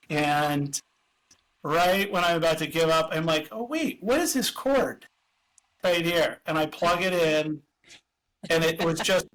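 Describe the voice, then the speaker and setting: Bright-voiced man telling a lively story. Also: fairly high pitch, rough recording. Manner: animated storyteller, self-deprecating. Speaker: podcast guest. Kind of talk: casual chat.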